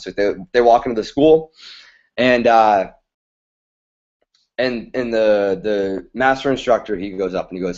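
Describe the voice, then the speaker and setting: A man's voice: on the low side, measured pace, long pauses, darkish tone. Stream host, man, chatty storyteller, muffled lo-fi sound. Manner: chatty, keeps checking in with listeners with "right?". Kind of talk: casual storytelling. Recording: dull lo-fi stream audio.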